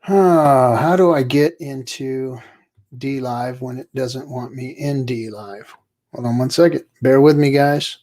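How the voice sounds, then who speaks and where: A man's voice: mid-range voice, measured pace, darkish tone. A man hosting a livestream, casually talking and muttering to himself while he struggles with his computer. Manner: pirate-themed greeting. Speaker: livestream show host.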